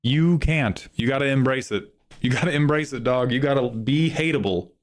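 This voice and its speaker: A man streaming live in casual chat, joking loosely with some swearing and excitable bursts. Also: mid-range voice, normal speed.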